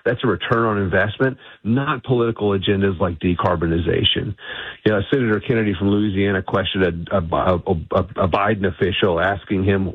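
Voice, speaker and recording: A man with a very low, slightly husky voice, phoned in as a radio interview guest. He argues assertively and emphatically, often restarting his sentences. The line is thin, dry and phone-like. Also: a little fast, dry recording. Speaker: energy policy guest.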